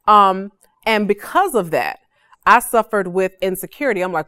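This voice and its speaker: A woman's voice: mid-range voice, measured pace, a bit bright, clear, resonant tone, no room sound. A woman in her forties hosting a podcast, teaching a devotional in a casual, emphatic way and often checking in with "okay?".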